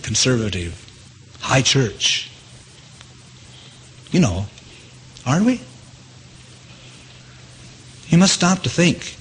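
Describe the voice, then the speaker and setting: A man preaching a sermon. He keeps asking his listeners questions and his voice leaps up in pitch to stress a point. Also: a little hiss or hum. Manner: animated, asks the audience questions, jumps high in pitch for emphasis. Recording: long hall reverb.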